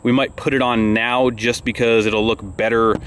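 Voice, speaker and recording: A man's voice: medium pitch, little pitch movement, a bit bright, slight background noise. A man hosting a casual vlog, rambling and amped up as he walks through his plans. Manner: rambling and amped up, talking fast. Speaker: vlog host.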